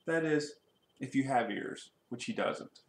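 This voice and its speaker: A man reading a children's storybook aloud in a lively way, putting questions to his young listeners. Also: medium pitch, a little slow, echoey room.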